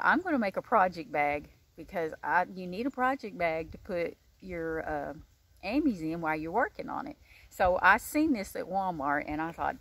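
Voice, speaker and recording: A woman chats about a crochet book in a rambling, homespun way, full of "uh" and "you know." Her voice sits a little low. She talks to her viewers from outdoors. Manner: chatty, rambling, warm-hearted with many fillers. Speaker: crochet channel host. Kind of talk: casual book review chat.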